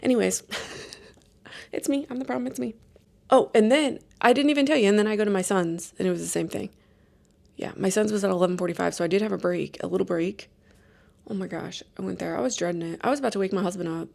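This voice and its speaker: A woman in her late thirties, hosting a podcast and telling stories in a chatty, animated, self-deprecating way. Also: mid-range voice, fast, gravelly. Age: late 30s. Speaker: podcast host. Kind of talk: casual storytelling chat.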